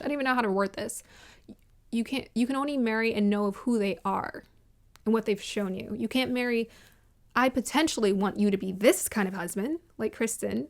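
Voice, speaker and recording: A woman vlogger giving casual, opinionated commentary on a reality show, emphatic and repeating her points, often laughing. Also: fairly high pitch.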